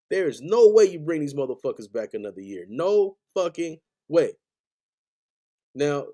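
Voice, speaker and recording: A man's voice: on the high side, warm tone. A man hosting a sports podcast, angrily ranting as a frustrated fan in heated, profane, repetitive bursts. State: angry. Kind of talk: angry fan rant on a live stream.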